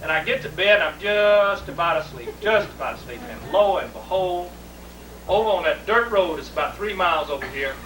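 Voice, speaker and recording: A man's voice: sits high, lively intonation, a little fast, bright, forceful tone. A middle-aged man, telling a family story in a colorful, folksy way and laughing as he goes. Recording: roomy, distant home video with faint noise.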